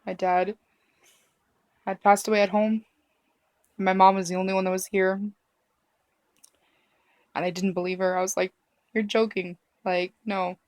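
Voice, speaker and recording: A woman telling a personal story to camera in a halting, emotional way, with many fillers and restarts. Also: medium pitch, flat delivery, dry recording. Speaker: vlogger.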